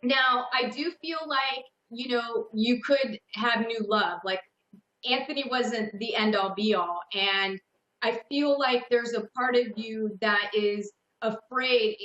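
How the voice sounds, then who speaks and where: Bright-voiced psychic woman hosting call-in radio. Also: fairly high pitch, reverberant, lo-fi sound. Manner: slow, hesitant, many fillers and restarts. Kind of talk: psychic reading on a call-in show.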